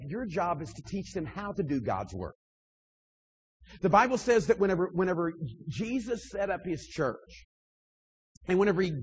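A man delivers a sermon to church leaders in an emphatic, stop-and-start way, pushing hard on key points and then dropping low. His voice sits a little high and has a husky edge. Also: rough recording. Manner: emphatic, rising and dropping in volume, frequent restarts. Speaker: preacher.

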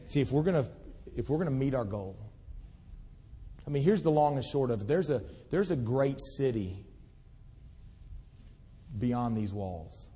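A pastor preaches in a church sanctuary, spinning folksy stories and veering between loud, worked-up outbursts and soft, pleading lines. His voice is a little husky. A long reverb trails behind every phrase. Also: medium pitch, lively intonation, a little slow, pauses often. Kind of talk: sermon.

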